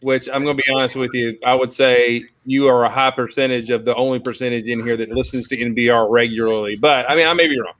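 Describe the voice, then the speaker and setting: A man chatting on a group stream, telling animated stories and repeating words as he goes. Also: mid-range voice, quick pace, hardly any pauses. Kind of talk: casual chat on a group stream.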